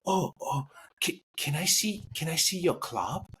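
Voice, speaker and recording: A man imitating an excitable older businessman on a golf course who exclaims in halting, broken English. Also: a little high, slight background noise, pitched above the performer's own voice. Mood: amazed, excited.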